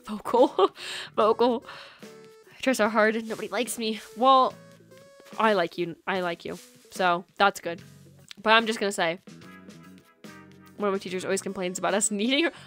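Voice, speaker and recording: A woman's voice: medium pitch, normal speed, pauses often. Chatty, giggly young woman streamer. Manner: chatty and giggly, lots of "like" fillers. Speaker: game streamer. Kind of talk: casual stream chat while gaming. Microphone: USB microphone. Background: soft lofi music.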